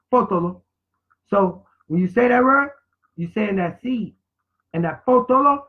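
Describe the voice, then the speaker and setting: A man giving an informal class lecture in a preachy way, repeating words and spelling them out letter by letter. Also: sits high. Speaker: teacher. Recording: tinny phone-like sound.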